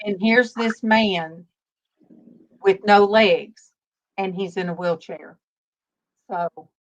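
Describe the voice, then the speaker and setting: A woman hosting a casual faith-based livestream, telling stories slowly with many fillers over a video call. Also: mid-range voice. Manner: rambling, warm storytelling with many fillers. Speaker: livestream host. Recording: dull lo-fi stream audio.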